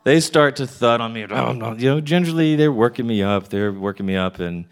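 A man's voice: mid-range voice, moderate pace, clear, resonant tone. A middle-aged man from Texas telling a candid comic story to a live audience, landing his punchlines wryly. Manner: wry, candid, punchline-driven joke delivery.

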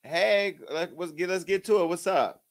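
A man's voice: sits high, normal speed. A man hosting a live call-in show, brash and joking, talking to callers bluntly. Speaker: host.

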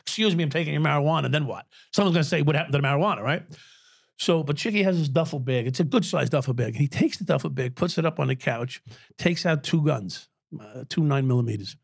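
A man's voice: a little high, quick pace, gravelly, husky, dry recording, studio quality. A man in his sixties, a former police officer, telling stories as a podcast guest, swearing freely and laughing at his own tales. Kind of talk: profane storytelling in an interview.

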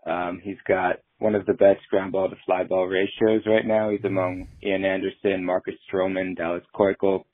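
A man calling in to a sports show with a question, steady and filled with "um"s. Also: low-pitched, moderate pace, few pauses, dry recording. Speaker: caller. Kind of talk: phoned-in listener question. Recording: tinny phone line.

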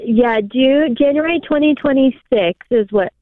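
A woman's voice: sits high, measured pace, no echo. A woman in her thirties calling an advice show, hesitant and asking for encouragement. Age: 30s. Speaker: caller. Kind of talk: phone call to an advice show. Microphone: telephone. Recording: thin phone line.

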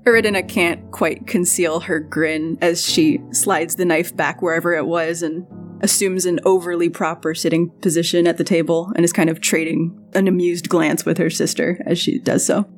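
Woman player with a lowish voice. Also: steady tone, normal speed, faint music behind. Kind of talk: narrating her character's actions.

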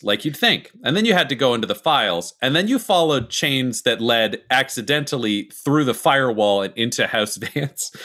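A man's voice: medium pitch, sharp tone. A man, narrating a tabletop game as game master, explaining the setting as he thinks aloud.

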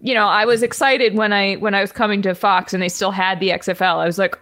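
A woman's voice: mid-range voice, steady tone, quick pace, a bit bright. Playful, chatty woman podcast co-host. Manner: playful, chatty, self-mocking. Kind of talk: casual chat.

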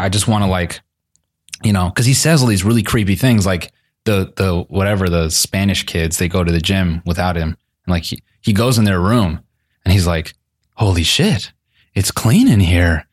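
A man chatting casually on a podcast, telling an animated story, acting out quotes, swearing often and laughing a lot. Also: deep voice, moderate pace. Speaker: comedian co-host.

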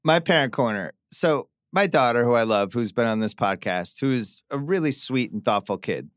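A man's voice: medium pitch, expressive, moderate pace, dry recording. A middle-aged man swaps wry, chatty stories in a mid-range voice. He is recorded close and dry, with no room behind him. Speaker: podcast host. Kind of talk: casual chat.

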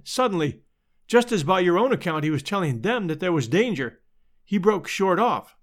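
A man voicing a quiet, businesslike young American detective in a storybook reading. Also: sits high. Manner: earnest, businesslike.

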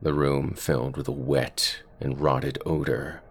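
A man narrates a scripted horror story in a slow, brooding way. His voice sits very low and has a gravelly fry. He takes his time with every line. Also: flat delivery, slight background noise.

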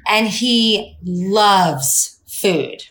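A woman's voice: mid-range voice, extremely slow, fairly bright tone. A woman co-hosting a podcast in casual chat, teasing and easygoing, saying "like" often. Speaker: podcast co-host.

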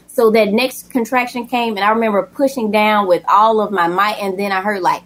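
A woman's voice: mid-range voice, fairly quick, rough recording. A woman guest telling the story of her daughter's birth in a personal, emotional way. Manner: emotional, animated retelling with acted quotes.

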